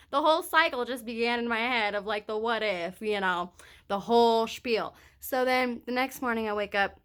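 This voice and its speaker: A young woman talks straight into the phone she is holding and rambles through a story with plenty of swearing. Her voice sits high and sounds bright and forceful. It comes across as a casual, animated personal vlog. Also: moderate pace, clean tone. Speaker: vlogger. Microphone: hand-held phone.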